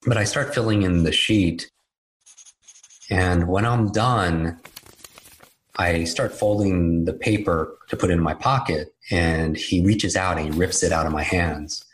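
A man's voice: sits low, poor audio. A man telling a personal story in a candid, self-deprecating, conversational way. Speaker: speaker telling his life story. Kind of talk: storytelling talk.

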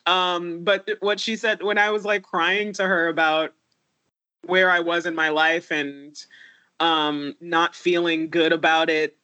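A woman's voice: fairly low pitch, level tone, measured pace, sharp tone, no echo. A woman from Haiti, a podcast co-host, talking candidly and tearfully about her life, with frequent laughs and restarts. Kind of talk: emotional personal conversation.

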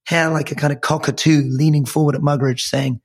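A Scottish man with a hoarse, croaky voice co-hosting a political podcast, telling anecdotes in a measured, softening way. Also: on the high side, flat delivery. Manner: measured storyteller, drops soft for anecdotes. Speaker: podcast co-host. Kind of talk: casual political podcast chat.

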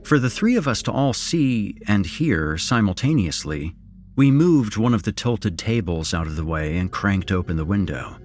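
Man, very low voice, animated pitch, horror narration, faint music underneath. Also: moderate pace. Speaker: horror podcast host and narrator.

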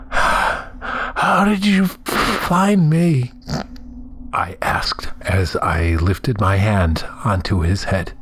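A man narrating a first-person horror story in a measured, somber way, sometimes dropping to a hushed whisper. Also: fairly low pitch, a little hiss or hum.

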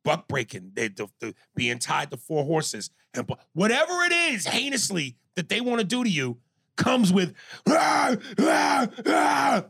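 A gravelly, husky man co-hosting a podcast, with a slightly raised pitch. He recounts scenes animatedly and acts out the people he quotes. His voice is dry and close-miked. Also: huge pitch swings, normal speed, sharp tone, no room sound. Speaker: podcast co-host. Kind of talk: casual chat.

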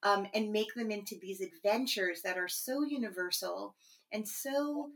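A woman's voice: medium pitch, unhurried, a bit bright. Effusive woman podcast host. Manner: effusive, gushing praise. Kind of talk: interview and show outro.

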